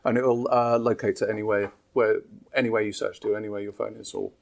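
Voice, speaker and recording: A man, an app developer, calmly explaining new features in an interview. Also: fairly low pitch, fairly quick, creaky. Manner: steady, explanatory, with fillers.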